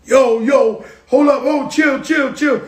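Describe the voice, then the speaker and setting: A man imitating a loud, hyped-up male rapper who shouts and pushes to get his way. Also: extremely high pitch, steady tone, slow pace, roomy sound, pitched above the performer's own voice. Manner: shouting, pushy.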